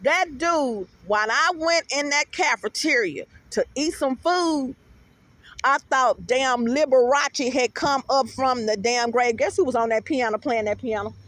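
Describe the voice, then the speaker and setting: A middle-aged woman, speaking in a high voice and telling stories with lively, animated energy. She talks casually to her guest and to the viewers, and her voice is recorded close and dry, with no room echo. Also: unhurried. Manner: animated storytelling, addresses viewers as y'all. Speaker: host. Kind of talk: casual interview chat.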